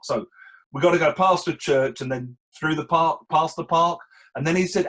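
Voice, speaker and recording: A man, a language teacher trainer, answering interview questions in an animated storytelling way, acting out quoted dialogue. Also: fairly high pitch, moderate pace, rough recording. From England.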